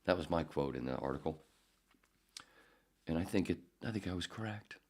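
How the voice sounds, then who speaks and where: A man's voice: low-pitched, animated, normal speed, darkish tone. A man in his fifties, a podcast host and former radio producer, tells rambling stories in a profane, digressive way, often correcting himself. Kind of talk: casual rambling storytelling.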